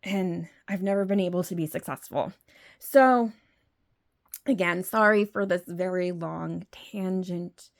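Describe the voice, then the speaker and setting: Slow, gravelly woman musing aloud. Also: fairly low pitch. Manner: rambling and opinionated, many fillers and restarts. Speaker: video host. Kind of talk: unscripted opinion monologue.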